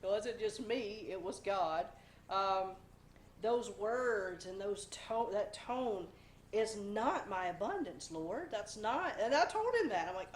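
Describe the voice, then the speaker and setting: A woman in her forties talks through a casual devotional with chatty, self-deprecating asides. She is a bit under the weather, and her voice has a middling pitch. The room sounds roomy and echoey, with a faint background hiss. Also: expressive, slow. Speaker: devotional host. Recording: roomy, slightly echoey home recording.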